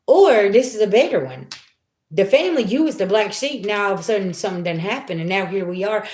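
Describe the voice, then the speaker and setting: A woman's voice: mid-range voice, sing-song, quick pace, darkish tone, echoey room. A middle-aged woman talking candidly and from the heart to her livestream viewers as a tarot reader, streetwise and swearing freely. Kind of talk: casual live-stream talk to viewers.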